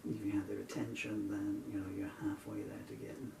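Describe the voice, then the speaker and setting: A man's voice: fairly low pitch, little pitch movement, brisk, vocal fry, reverberant, distant mic, background noise. A man in his sixties talking in a rambling, digressive way between songs, growing indignant as he goes. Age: 60s. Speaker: singer-songwriter.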